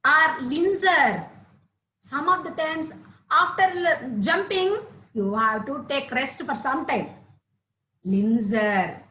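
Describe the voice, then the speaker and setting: A woman teacher giving a slow, repetitive lesson to young children, often asking them questions. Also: high voice, lively intonation, sharp tone, reverberant, poor audio.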